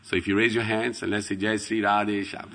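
A man's voice: on the low side, a little fast. A man giving a devotional talk to a congregation, telling anecdotes and acting out the people he quotes. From England. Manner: lively storytelling, acts out quoted voices, rises to loud chanting. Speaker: temple speaker.

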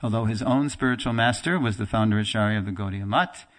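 A man's voice: lowish voice, fast talker. Man telling a story in class. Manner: animated storyteller, acts out quoted dialogue; conversational with fillers and restarts, laughs now and then. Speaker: teacher of a religious class. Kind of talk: storytelling lecture.

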